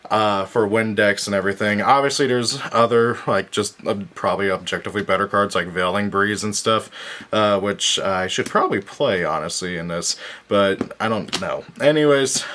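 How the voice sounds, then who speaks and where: A man's voice: fairly low pitch, normal speed, fairly bright tone. A tired man casually walking through his card game deck, rambling with frequent fillers and self-corrections. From United States. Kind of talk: casual deck profile talk.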